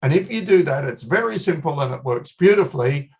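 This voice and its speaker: A man's voice: on the high side, lively intonation, brisk, a little mellow. A middle-aged man with an Australian accent giving an online technical presentation in a conversational way, repeating his key points for emphasis. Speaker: guest speaker, company managing director.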